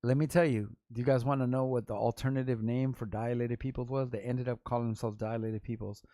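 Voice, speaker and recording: A man's voice: mid-range voice, brisk, dry recording. Rambling, slangy man telling stories. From Los Angeles. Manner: rambling, slangy, animated storytelling with restarts and quoted voices. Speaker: vlog host, rapper. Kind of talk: casual storytelling vlog.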